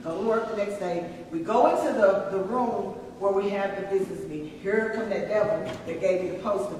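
Texan woman elder, animated sermon storyteller, distant mic in a roomy church. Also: mid-range voice, brisk, a little hiss or hum. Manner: animated storytelling, calls to the congregation. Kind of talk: sermon with personal testimony. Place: church sanctuary. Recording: echoey church hall from far off.

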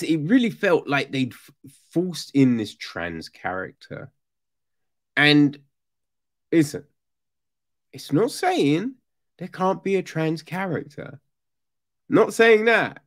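A man on a podcast, casually ranting about a book, swearing a lot and mocking the characters. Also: medium pitch. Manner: animated, profane, mocking voices of characters. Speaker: podcast host. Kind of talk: casual book review rant.

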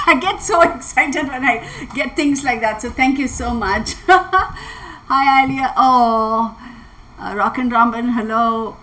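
A woman host, chatting casually on a livestream, bubbly and excitable, laughing often. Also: on the high side, slight background noise, poor audio. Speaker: tarot channel host.

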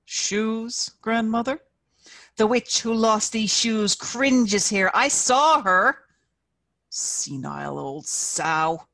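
A woman's voice: a little high, very animated, unhurried, fairly bright tone, no room sound, clean studio sound, voice pushed up, heavily acted. A woman reading aloud and voicing a cruel male sergeant who mocks and sneers with amused contempt. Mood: mocking.

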